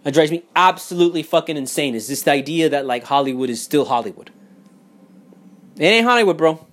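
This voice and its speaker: A young man in a heated, profane, casual rant. He repeats himself and swings between loud outbursts and muttering. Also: on the high side, lively intonation, a little fast. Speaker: vlogger. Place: home in Miami.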